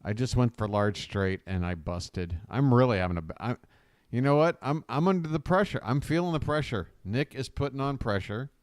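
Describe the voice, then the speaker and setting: A man streaming a game live, griping, trash-talking his opponent and complaining about his bad luck in a casual, animated way. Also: mid-range voice, moderate pace, no echo, clean studio sound. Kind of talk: casual live-stream commentary while gaming. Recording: loud music playing behind. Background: loud music.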